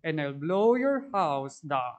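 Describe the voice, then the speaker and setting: A woman's voice: low voice, sing-song, darkish tone, pitched below the performer's own voice, full character voice. Woman growling as a big bad storybook wolf. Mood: menacing. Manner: growling, drawn-out storybook threats. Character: big bad male wolf, snarling and menacing.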